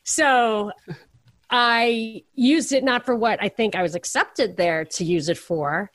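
A woman's voice: fairly high pitch, slow pace, a bit bright, dry recording. A middle-aged woman on a podcast, telling rambling, self-deprecating stories in casual chat. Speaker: podcast co-host.

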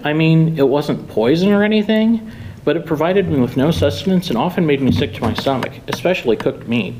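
A man reading his own short story aloud at a live reading, with wry, deadpan humor. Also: on the high side, brisk, a little hiss or hum, low-quality recording. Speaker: author reading own fiction.

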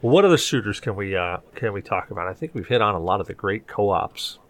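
A man's voice: on the low side, lively intonation, fast. A man hosting a casual podcast, teasing his co-hosts and steering the talk. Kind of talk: casual chat.

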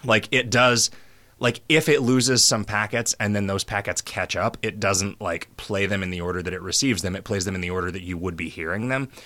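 Lower-voiced man joking on a podcast. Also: brisk, bright, forceful tone. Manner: rambling, joking, explains at length. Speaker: podcast host. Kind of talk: casual chat over a call.

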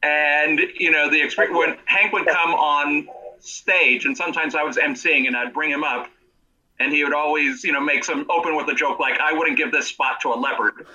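A man's voice: a little high, fairly even intonation, normal speed, pushed and bright, poor audio. A man co-hosting, praising a guest in a rambling, enthusiastic way. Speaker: co-host. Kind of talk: casual chat.

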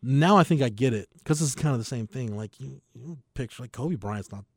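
A man hosting a sports podcast with a mid-pitched, dry-sounding voice. He speaks haltingly, filling gaps with "like" as he searches for words. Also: animated, no room sound. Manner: halting, filler-heavy with frequent "like". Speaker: podcast host. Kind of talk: casual chat.

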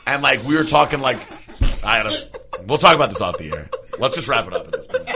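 A man's voice: medium pitch, sing-song, fast, gravelly, very noisy. A man hosting a podcast, telling a rambling, profane story in casual chat and breaking into laughter. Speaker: podcast host.

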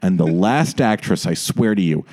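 Man, podcast co-host, animated storyteller, sarcastic, pitch swooping up and down. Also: normal speed. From United States. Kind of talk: casual storytelling chat about musicals.

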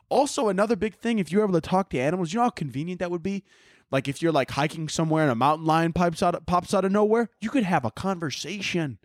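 A man's voice: sits high, fast, no echo, clean studio sound. A young man hosting a podcast, rambling through casual, profane, jokey chat and laughing often. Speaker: podcast host.

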